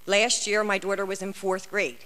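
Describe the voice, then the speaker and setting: A woman's voice: medium pitch, little pitch movement, moderate pace, pushed and bright. Earnest woman pleading in a reverberant hall. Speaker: public commenter. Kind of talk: prepared public comment at a school board meeting. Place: large meeting hall.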